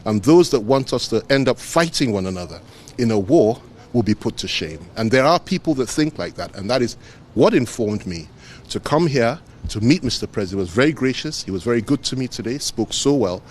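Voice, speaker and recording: A man's voice: medium pitch, animated, a little fast, slight background noise. A man giving an earnest, emphatic press statement, repeating phrases for weight. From Nigeria. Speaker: politician speaking to the press.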